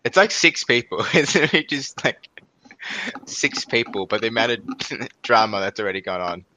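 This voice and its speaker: A man's voice: lowish voice, expressive, normal speed, bright, forceful tone, slight background noise. A young Australian man co-hosting a podcast, chatting casually and rambling with lots of fillers and laughs. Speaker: podcast co-host. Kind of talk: casual chat.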